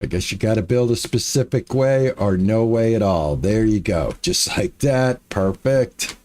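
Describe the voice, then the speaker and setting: Man, gaming streamer, slow and lively-pitched, chatty self-talk while he builds. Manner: talks to himself while building, frustrated muttering and repeats. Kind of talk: casual let's-play commentary.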